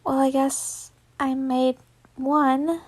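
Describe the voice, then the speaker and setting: A woman's voice: sits high, flat delivery, extremely slow. A woman reading as a moody teenage boy. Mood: glum. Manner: reads casually, stumbling.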